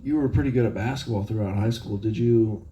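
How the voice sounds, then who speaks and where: A man's voice: lowish voice, fairly quick, mellow, slight background noise. A man hosting a podcast, asking teasing questions and swearing in casual chat. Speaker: podcast host.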